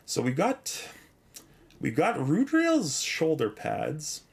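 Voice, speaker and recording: A man's voice: mid-range voice, wildly swooping pitch, takes it slowly, gravelly. A man streaming a game, chatting casually, rambling with many fillers and restarts, a little out of breath as he thanks viewers and reads chat.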